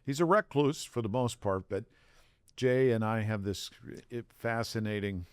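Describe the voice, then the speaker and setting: Middle-aged host spinning old anecdotes. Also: male voice, lowish voice, moderate pace, clear, resonant tone, dry recording, studio quality. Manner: rambling anecdotes, lists names. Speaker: podcast co-host. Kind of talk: casual podcast chat.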